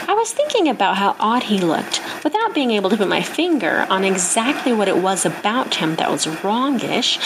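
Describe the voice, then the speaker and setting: A woman's voice: mid-range voice, noisy background. A woman sending a recorded message to a podcast, telling a story in a bubbly, giggly way. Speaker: listener contributor.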